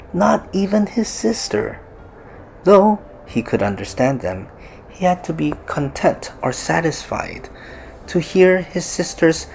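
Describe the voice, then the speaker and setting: A storyteller reads a classic tale aloud, pausing often to put harder words into simpler English and playfully acting out the quoted lines. The voice is medium-pitched, with a little hiss or hum in the background.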